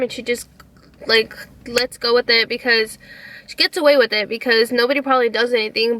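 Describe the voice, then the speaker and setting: A young woman vlogging a casual storytime to her followers. Her voice sits a little high and sounds very bright and sharp. She retells the story in an indignant, animated way, full of "like" and swearing.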